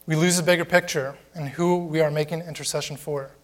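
A man preaching a sermon with a voice pitched a bit higher than most men. He speaks plainly and conversationally and keeps asking the congregation rhetorical questions. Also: steady tone, brisk. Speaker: pastor.

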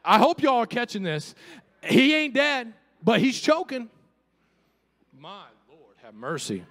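A man preaching a sermon as pastor, animated and humorous, calling out to his congregation. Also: very high voice, unhurried, in a large hall. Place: church sanctuary.

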